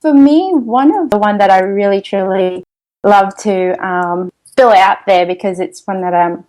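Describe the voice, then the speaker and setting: A woman's voice: mid-range voice, a little slow, a little mellow, rough recording. A woman with an Australian accent, a mother and podcast guest, talking in a chatty way with frequent laughs and restarts. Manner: chatty, laughs often, many ums and restarts. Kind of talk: interview over the internet.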